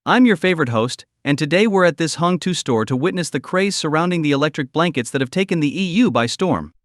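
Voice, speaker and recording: A man's voice: fairly high pitch, animated, fast, no room sound, clean studio sound, lightly acted. A man voicing a polite, professional female TV host in a recap story. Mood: upbeat. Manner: polite, presenter-like.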